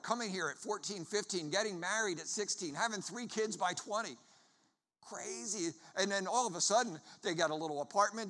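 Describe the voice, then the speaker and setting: Man, high bright voice, traveling preacher, joking storyteller sermon, long church-hall reverb. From Philadelphia area. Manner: lively storyteller, jokes with the crowd. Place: church before a congregation.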